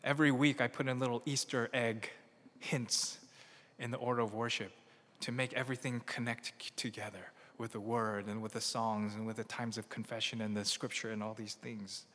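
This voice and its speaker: A man preaching a sermon, swinging between loud emphatic peaks and hushed near-whispers. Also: medium pitch, flat delivery, moderate pace, big-room sound. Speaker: pastor.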